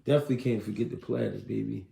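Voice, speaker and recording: Gravelly man chatting on a livestream. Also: on the low side, fairly even intonation, rapid-fire, warm tone. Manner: loose, slangy, reads and answers viewer comments. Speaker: livestream host. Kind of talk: casual livestream chat about boxing. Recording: echoey room.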